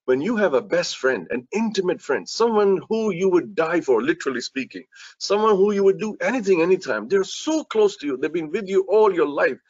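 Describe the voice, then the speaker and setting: Male imam, earnest sermon voice, a bit high, dry lo-fi sound. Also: big pitch swings, brisk, darkish tone, no room sound. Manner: earnest, repetitive, addresses listeners directly.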